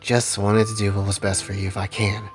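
A tender young husband, as a man reads him, soft-spoken and earnest, reassuring in a low, quiet voice. Faint music runs underneath. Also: level tone, a little fast, close to an everyday voice.

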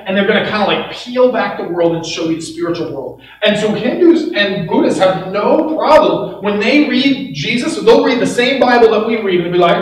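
A male pastor preaching a sermon in an animated way, acting out quoted voices with bits of laughter. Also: sits high, normal speed. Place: church auditorium. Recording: echoey church hall, mic from a distance.

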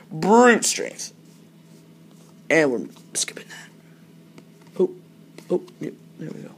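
A young adult vlogger rambling through a card pack opening in a relaxed, casual way. They read each card name aloud and break into sudden excited bursts over a good pull. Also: medium pitch.

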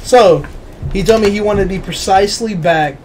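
A man's voice: high-pitched, moderate pace, background noise. A man co-hosting a casual podcast, telling stories with frequent laughter and swearing. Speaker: podcast co-host. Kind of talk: casual chat. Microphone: podcast microphone.

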